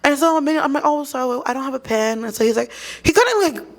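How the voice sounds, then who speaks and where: A woman, a guest, telling a story in casual chat, animated and quoting people in lively voices. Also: sits high, fast talker. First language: English.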